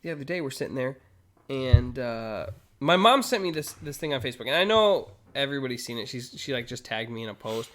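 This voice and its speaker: A man who talks fast, rattling through his stories in a casual podcast chat. His pitch sits in an ordinary middle range, and he acts out what other people say as he goes. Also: lively intonation, fairly bright tone. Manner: rambling storyteller who acts out his family's lines. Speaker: podcast co-host.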